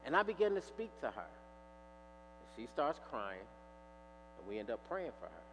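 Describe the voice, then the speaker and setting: A man's voice: medium pitch, unhurried. Man preaching, acts out every line of the story, voice jumps all over, bit of hall echo. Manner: animated storyteller, acts out dialogue. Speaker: pastor. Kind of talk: sermon with storytelling. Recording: reverberant hall with faint mains hum.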